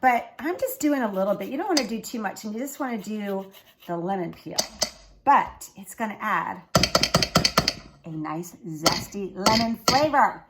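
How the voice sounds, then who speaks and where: A woman's voice: medium pitch, lively intonation, normal speed, very noisy. A woman hosting a casual cooking show from her home kitchen, chatty and folksy, talking straight to her viewers.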